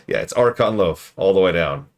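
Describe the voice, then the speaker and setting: A man streaming a game review, rambling through jokey riffs with deadpan asides. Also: low-pitched, normal speed. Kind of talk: casual livestream commentary.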